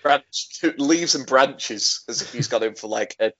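A man co-hosting a casual podcast, rambling with many fillers and lively quoting of scenes. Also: mid-range voice, unhurried. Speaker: podcast co-host. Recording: dull lo-fi sound.

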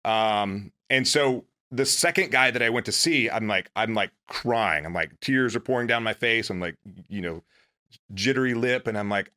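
A man's voice: on the low side, moderate pace, pushed and bright. A man, a former Navy SEAL, telling his own story in casual, earnest, self-deprecating talk.

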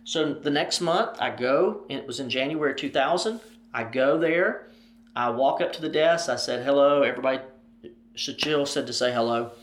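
A man's voice: medium pitch, expressive, moderate pace, fairly bright tone. A man telling a personal story as an interview guest, animatedly acting out the dialogue. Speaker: ministry president, interview guest. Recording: roomy echo.

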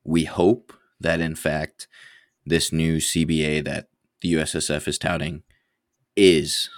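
A man co-hosting a podcast, talking casually with a teasing, energetic manner that picks up volume on his points. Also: extremely low pitch, unhurried, no echo, clean studio sound. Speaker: podcast co-host. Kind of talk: casual chat.

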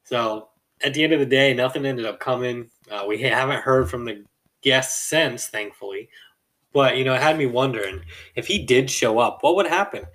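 A man's voice: medium pitch, normal speed, a bit bright. Man rambling through a casual story. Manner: rambling, chuckles mid-sentence, acts out quoted people. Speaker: podcast host.

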